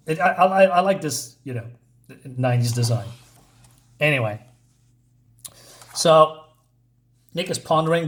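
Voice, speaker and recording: A man giving a casual comic book review, summarizing the story in rambling talk full of fillers. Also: mid-range voice.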